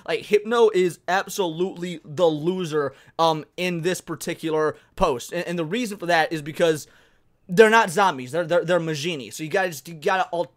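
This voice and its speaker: Male commentary ranter, high-pitched, profane, stammers on repeats. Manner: ranting, profane, repeats words when worked up. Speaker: commentary YouTuber. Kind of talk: reaction commentary.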